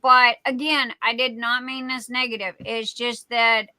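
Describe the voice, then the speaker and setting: A woman's voice: fairly high pitch, flat delivery, unhurried, bright, forceful tone, smooth, dry recording, poor audio. A middle-aged woman with a Cajun accent chatting casually as a livestream host, rambling with many fillers and restarts. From Louisiana. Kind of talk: casual live chat.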